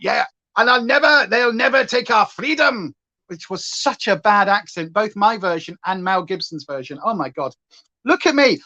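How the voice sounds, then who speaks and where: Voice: medium pitch, a bit bright. A livestream host with a Northern English accent chats casually while putting on makeup. The talk rambles from tangent to tangent in a loose, chatty way. The recording sounds a little dull and lo-fi.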